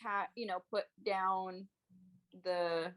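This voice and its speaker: A woman's voice: mid-range voice, steady tone, takes it slowly, fairly bright tone. A woman playing a tabletop game, describing her character's moves in a rambling, giggly, hesitant way. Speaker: player. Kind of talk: casual tabletop game play.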